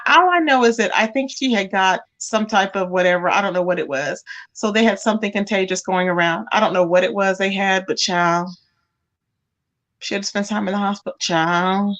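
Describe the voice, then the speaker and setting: A woman hosting a livestream, chatting casually and animatedly about celebrity gossip, calling people "child". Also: mid-range voice. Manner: animated, calls listeners "child". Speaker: livestream host.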